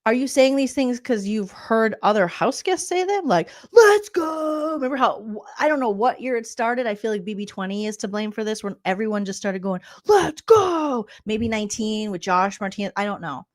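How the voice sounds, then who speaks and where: A woman's voice: mid-range voice, fairly quick, hardly any pauses. A woman comedian hosting a reality-TV recap vlog, talking sarcastically and breaking into mocking impressions.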